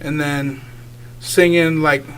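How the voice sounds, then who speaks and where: A man's voice: on the high side, little pitch movement, slow pace, a bit bright, slight background noise. A young man, a guest singer, talking casually in a radio interview, rambling with lots of filler words and easy laughs. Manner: rambling, many filler likes, laughs easily.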